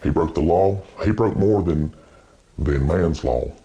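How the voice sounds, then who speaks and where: A man playing an awkward adult twin brother in a mock documentary, his voice disguised and lowered, acting out quotes as he tells a story. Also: unhurried, dark tone, dull audio. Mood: deadpan.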